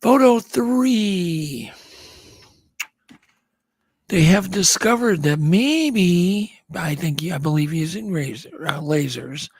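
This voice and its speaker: A man's voice: high-pitched, gravelly, slightly rough, dry recording. A man co-hosting a podcast, running through news items in a chatty, rambling way with frequent restarts. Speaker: podcast co-host. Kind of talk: casual chat.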